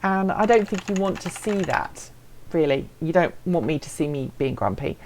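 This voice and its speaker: Woman, low-ish voice, playful self-deprecating live stream host reading chat. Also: expressive, moderate pace, darkish tone, slight background noise.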